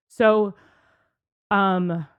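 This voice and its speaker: A woman co-hosting a podcast, chatting casually and explaining with a lively, laughing manner. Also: medium pitch, smooth. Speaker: podcast co-host. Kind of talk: casual chat.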